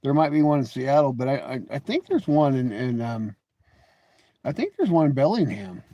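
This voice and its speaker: A man's voice: mid-range voice, sing-song, moderate pace, warm tone, no room sound, dull audio. A man hosting a casual live stream, answering viewers in chat with mocking, teasing remarks, often laughing and repeating words as he starts a thought.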